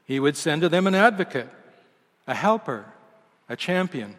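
A male pastor delivering a sermon in a measured, emphatic way, letting each phrase sink at its close. His voice sits a touch high for a man. It rings out with a long reverb through a large church hall. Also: big pitch swings, fairly bright tone. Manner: measured, emphatic delivery with falling line endings.

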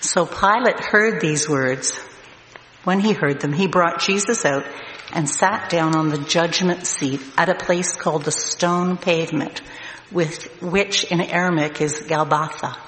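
A man reading scripture aloud as narration, slow and deliberate. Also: on the high side, a bit bright. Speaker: scripture reader. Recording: echoey hall, long reverb, faint noise.

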